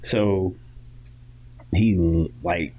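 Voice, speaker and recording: A deep-voiced young man from Florida tells long stories in loose, rambling podcast chat. He spins one anecdote into the next, his low voice steady between frequent fillers and restarts. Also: drawn-out words. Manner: animated, loud impressions of others in quoted lines. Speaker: podcast co-host. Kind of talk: casual storytelling chat.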